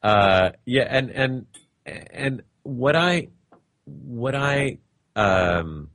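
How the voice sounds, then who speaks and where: A man with a non-native accent hosting a studio talk show, playful, halting, with many restarts and laughs. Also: medium pitch, expressive, vocal fry, fairly bright tone, no echo. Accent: non-native English accent. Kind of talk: casual studio chat.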